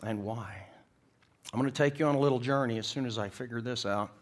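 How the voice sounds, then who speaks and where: Middle-aged preacher, folksy and joking. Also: male voice, medium pitch, fairly quick. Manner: folksy storytelling, acts out characters in the joke. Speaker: pastor. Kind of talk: sermon. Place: church.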